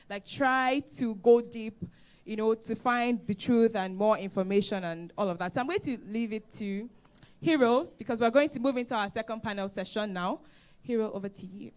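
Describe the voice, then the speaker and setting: A woman co-hosting a conference on stage, summing up advice earnestly. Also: medium pitch. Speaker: conference co-host. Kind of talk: live event hosting.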